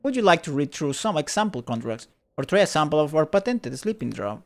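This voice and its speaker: A man's voice: a little high, big pitch swings, fairly quick. A man voicing a rehearsed, bureaucratic female receptionist who trills in a sing-song way while he reads game dialogue aloud. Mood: chirpy.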